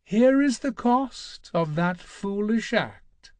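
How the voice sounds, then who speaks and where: A man's voice: fairly high pitch, expressive, takes it slowly, dry recording, voice pushed up. A man voicing a malicious male god of war who speaks from flames in an audiobook, with a silken, mocking, scornful tone. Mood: silken menace. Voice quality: silken, menacing. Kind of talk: audiobook character voice.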